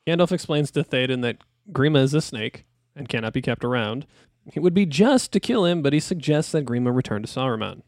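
Man, podcast co-host, gravelly voice, dry close sound, matter-of-fact. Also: medium pitch, lively intonation, brisk, no echo. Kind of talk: casual chat, narrating.

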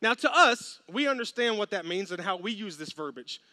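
An animated man preaching a lively, humorous sermon. His voice is high and bright, and the sound is dry and close. He acts out little voices as he tells the story. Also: brisk, no room sound. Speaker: pastor.

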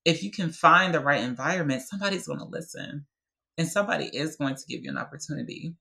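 A woman's voice: low voice, lively intonation, quick pace, creaky, sharp tone, poor audio. A young adult woman speaking with passion and conviction as a podcast guest, often checking in with "right?". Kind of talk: heartfelt podcast conversation.

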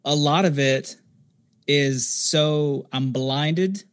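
A man in his thirties chatting on a podcast as a guest. His voice sits a little high for a man, and his speech comes in halting bursts full of fillers and restarts. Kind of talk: casual conversation.

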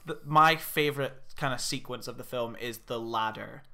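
A man in casual podcast chat, reviewing a film in an animated way and swearing freely. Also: mid-range voice, normal speed, creaky. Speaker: podcast co-host.

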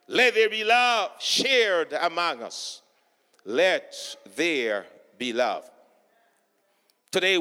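A man preaching a sermon with rhythmic repeated refrains and sudden bursts of shouting, in a large church hall. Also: very high voice. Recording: long hall reverb.

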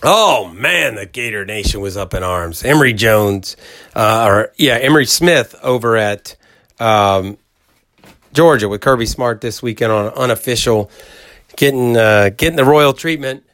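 A middle-aged man hosts a casual sports podcast in a folksy, rambling manner. His voice sits at an ordinary mid pitch, and he hammers his points home as he talks straight to the audience. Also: expressive, unhurried, a bit bright. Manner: folksy, rambling storyteller who acts out quoted voices; emphatic, talks straight to listeners. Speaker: college football podcast host.

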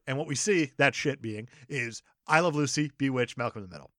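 A man co-hosting a podcast, recapping a TV episode in casual chat, animated and jokey, acting out quotes. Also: mid-range voice, fairly quick, no echo, studio quality. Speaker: podcast co-host.

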